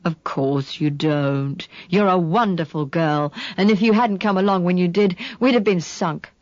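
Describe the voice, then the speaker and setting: A woman doing a low, calm young man. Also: moderate pace, no room sound, lo-fi sound, natural voice. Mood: soothing. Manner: calm, gentle and reassuring. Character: steady protective young Englishman.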